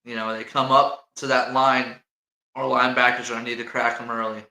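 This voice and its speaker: A man's voice: medium pitch, flat delivery, a little fast, bright, forceful tone, roomy sound, poor audio. A man with an Indiana accent hosting a casual sports chat, rambling and jokey and laughing often. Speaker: podcast host.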